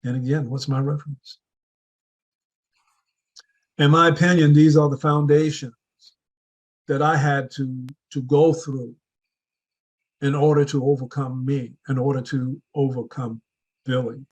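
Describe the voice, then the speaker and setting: Man, husky mid-range voice, earnest motivational speaker stacking rhetorical questions. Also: medium pitch, little pitch movement, a little slow, pauses often, rough recording. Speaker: speaker at a public speaking club meeting. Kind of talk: prepared motivational speech.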